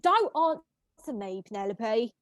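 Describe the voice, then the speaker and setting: A sharp-tongued mistress of a house gives orders in a slow, measured way, read by a woman. The sound is dry and close. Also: fairly high pitch, big pitch swings, dry recording. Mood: imperious. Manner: imperious, scolding. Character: bossy middle-aged mistress of a house. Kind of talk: script read-through.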